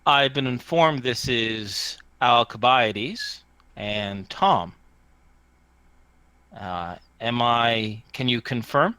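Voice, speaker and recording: A man voicing a mysterious stranger on a radio in a tabletop game, speaking slowly and formally. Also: fairly high pitch, expressive, bright, forceful tone, smooth, dry recording, heavily acted. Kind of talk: tabletop role-play.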